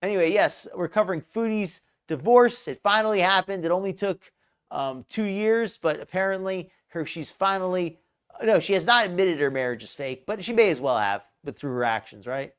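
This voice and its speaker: A live reaction-show host talks over a clip in a mocking, sarcastic tone. The host rambles through long explanations and takes dry jabs along the way. The voice sits at an everyday middle pitch. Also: expressive, normal speed, smooth.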